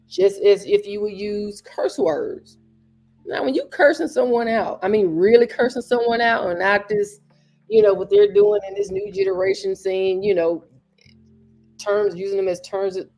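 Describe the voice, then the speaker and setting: A woman's voice: mid-range voice, a little mellow. A woman hosting a podcast, giving an earnest motivational talk and repeating phrases for emphasis. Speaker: podcast host.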